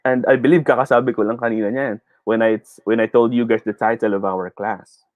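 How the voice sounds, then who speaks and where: A man with a Filipino English accent runs a live online speech lesson and reads his viewers' comments aloud. His voice sits at an ordinary mid pitch, and he sounds lively and quick to laugh. The sound is dry and close, with no room echo. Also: phone-quality sound. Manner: lively, laughs often, mixes Tagalog into English. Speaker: teacher hosting a live online speech class.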